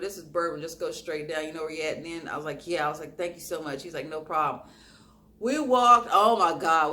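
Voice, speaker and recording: A young woman vlogger telling a story to her viewers in a casual way, acting out what people said. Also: lowish voice. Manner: animated storytelling, acting out quoted lines.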